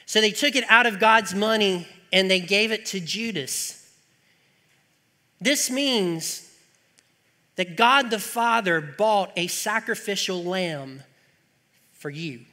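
A man with a high, forceful voice preaches a sermon to his congregation. He keeps it conversational, tossing out rhetorical questions and joking asides. His words ring out with the long reverb of a big church hall. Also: slow. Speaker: pastor.

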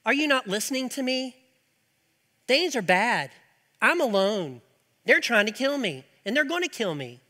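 A man's voice: extremely high pitch, very animated, moderate pace, long pauses, bright, forceful tone, pitched above the performer's own voice, exaggerated voice. A man voicing a despairing adult male prophet who pleads and complains, in a reverberant hall. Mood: pleading.

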